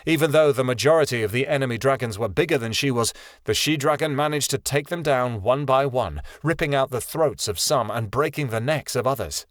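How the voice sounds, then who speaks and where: A man narrating a fantasy audiobook in a steady, even storytelling voice. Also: medium pitch, brisk, dry recording, studio quality. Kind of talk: scripted narration.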